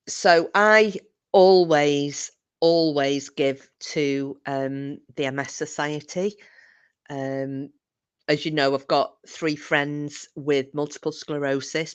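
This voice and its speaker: A middle-aged woman talks unhurriedly on a casual livestream. Her voice sits on the low side, and she reacts to her chat with a chatty, laughing manner. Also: clean tone. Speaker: livestream host reading chat.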